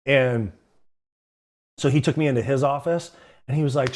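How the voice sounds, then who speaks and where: A man's voice: medium pitch, moderate pace, darkish tone, slight background noise. A young man hosting a livestream, telling stories casually in a rambling, slangy, profane way. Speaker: livestream host. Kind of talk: casual storytelling.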